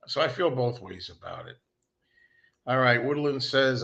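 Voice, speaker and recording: A man's voice: medium pitch, lively intonation, normal speed, vocal fry, a bit bright, muffled recording. A man hosting a casual livestream, rambling and self-deprecating, talking as an enthusiastic fan. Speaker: host.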